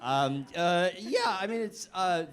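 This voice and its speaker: A voice actor on a live panel, speaking casually, laughing and halting with fillers. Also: male voice, sits high, expressive, a bit bright. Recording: live panel before an audience.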